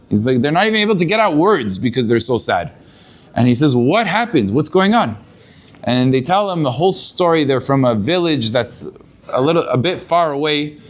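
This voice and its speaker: Rabbi guy telling a torah story, kinda high voice, lively, throws in hebrew words, lots of restarts. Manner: animated storyteller, Hebrew and Yiddish terms mixed in, frequent restarts.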